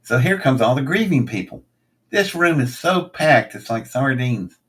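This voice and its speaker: An older man with a husky, slightly rough voice tells a long story in casual conversation. He swings into quoted lines with lively, acted-out energy, pitching up for punchlines. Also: moderate pace. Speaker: guest.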